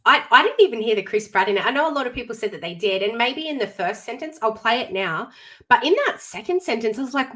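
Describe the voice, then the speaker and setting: A woman co-hosting an entertainment live stream, chatting in a casual, expressive way with emphatic reactions. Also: a little high, fast. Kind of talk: casual chat.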